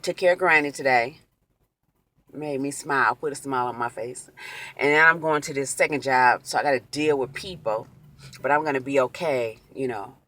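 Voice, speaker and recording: A woman telling an emotional personal story in a vlog, animated and full of quoted exclamations. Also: low voice. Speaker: vlogger.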